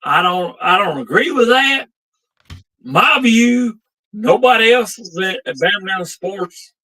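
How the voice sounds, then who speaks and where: Slow-talking, cursing man. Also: high-pitched, lively intonation, sharp tone, rough recording. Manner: profane, drawn-out, rambling. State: drinking. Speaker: sports show co-host. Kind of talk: casual sports talk.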